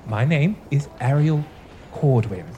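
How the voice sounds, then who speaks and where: A man's voice: a little high, animated, measured pace, mellow, slight background noise, voice pushed up. A man voicing a woman who pleads politely and then screams in panic, in a tabletop game. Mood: pleading.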